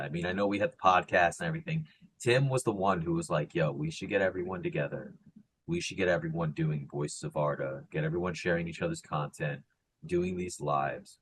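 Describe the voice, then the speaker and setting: Deep-voiced, animated podcast co-host. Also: male voice, a little hiss or hum. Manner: animated, swings between loud joking and soft sincerity. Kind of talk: casual live group chat.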